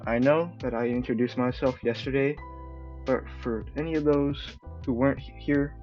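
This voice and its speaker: A man's voice: medium pitch, normal speed, muffled recording, faint music behind, lightly acted. A man voicing a raptor woman history teacher with forced enthusiasm, read in his own plain voice while reading a visual novel aloud. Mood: forced cheer. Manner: reads flatly in his own voice.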